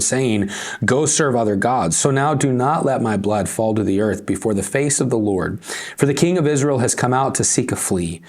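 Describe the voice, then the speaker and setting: An American man with a somewhat low voice, preaching from the pulpit. He reads scripture steadily, then breaks into relaxed, conversational retellings with small pauses and fillers. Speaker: pastor. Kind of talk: sermon, reading and retelling scripture.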